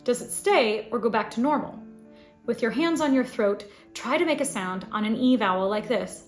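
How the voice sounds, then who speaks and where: A woman voice teacher giving a scripted singing lesson, explaining clearly and now and then demonstrating sounds. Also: fairly high pitch, animated, moderate pace, reverberant, soft background music. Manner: clear instructive delivery with sung demonstrations.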